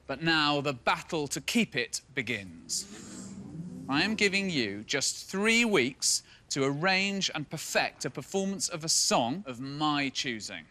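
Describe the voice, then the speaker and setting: A man's voice: fairly high pitch, sing-song, slow, sharp tone. A man presenting a talent contest on stage, upbeat and teasing as he talks to the groups. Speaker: choir mentor and show host.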